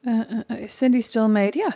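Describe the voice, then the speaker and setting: A woman's voice: fairly high pitch, fast, warm tone, dry recording, clean studio sound. A woman in her thirties with an Irish accent, co-hosting a podcast with wry, teasing banter. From Ireland. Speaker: podcast co-host. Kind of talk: casual chat.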